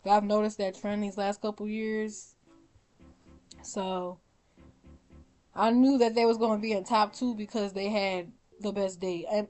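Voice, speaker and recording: Young woman, vlogger, casual opinionated commentary, animated and blunt, faint music behind. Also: medium pitch. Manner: animated, swears, laughs often, mimics her own reactions. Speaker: vlogger ranking reality show contestants.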